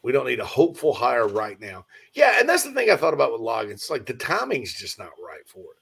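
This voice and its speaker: A man's voice: mid-range voice, a little fast, creaky, husky. Rambling male sports talk host. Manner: rambling, animated, reads viewer comments aloud. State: yawning, distracted. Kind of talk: casual live-stream sports talk.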